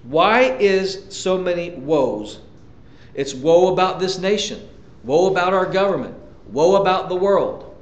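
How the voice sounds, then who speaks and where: A man preaching a sermon as pastor, emphatic, repeating key lines and jumping up in pitch to drive points home. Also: animated, measured pace. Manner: emphatic preaching, sudden pitch jumps and repetitions. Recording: echoey church room, dull lo-fi sound.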